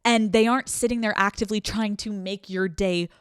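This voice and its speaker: Brief: blunt, foul-mouthed woman podcast host at mid pitch, close mic, dry room. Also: steady tone, brisk, smooth, dry recording. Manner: candid and profane, acts out quoted voices. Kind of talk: casual solo podcast advice talk.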